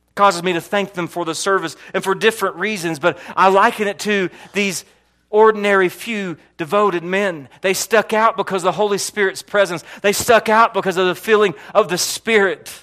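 This high-pitched man, a pastor from Florida, speaks at a normal speed while preaching a sermon. He tells a personal story with lots of animation, repeating words often and swinging between loud and hushed.

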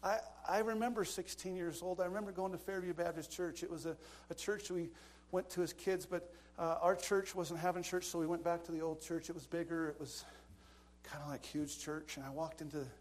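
Animated storytelling preacher, a man. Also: fairly high pitch, a little fast. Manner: animated storyteller, dramatic asides and laughing. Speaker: pastor. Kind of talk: storytelling sermon.

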